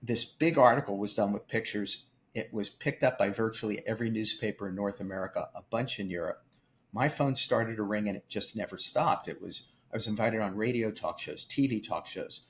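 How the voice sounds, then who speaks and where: An older man, a film producer, telling emphatic, animated stories in an interview. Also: on the low side, fairly quick. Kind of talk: storytelling interview.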